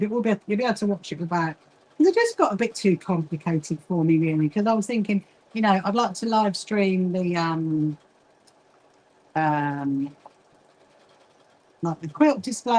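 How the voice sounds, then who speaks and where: A middle-aged woman talks casually to her livestream viewers as she sews. Her voice sits at an ordinary pitch, and she rambles in a friendly, scattered way, greeting people by name. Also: a little mellow, low-quality recording. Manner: chatty, easily distracted, greets viewers by name. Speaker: livestream host, quilting association founder. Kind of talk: casual livestream chat while sewing.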